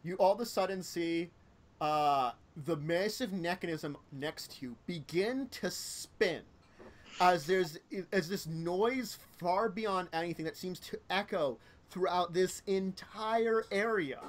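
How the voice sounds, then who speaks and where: A man narrating as game master, describing scenes in loose, halting speech full of ums and likes. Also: sits high.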